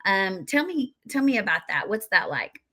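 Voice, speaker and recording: A woman with a bright, lively tone hosts a faith-based interview. She responds with affirming, encouraging enthusiasm and steers the conversation along. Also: medium pitch, normal speed. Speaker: talk show host. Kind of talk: faith talk show interview.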